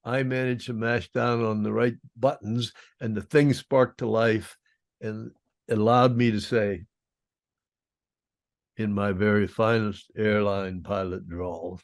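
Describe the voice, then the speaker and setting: A man's voice: medium pitch, a little slow, vocal fry, dry recording, studio quality. An older man, a former prisoner of war, telling his story in an interview in a plain-spoken, wry, self-deprecating way.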